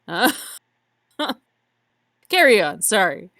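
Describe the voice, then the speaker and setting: A woman's voice: mid-range voice, big pitch swings, slow, fairly bright tone. A woman narrating as game master in a casual online tabletop game. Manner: laughing, casual.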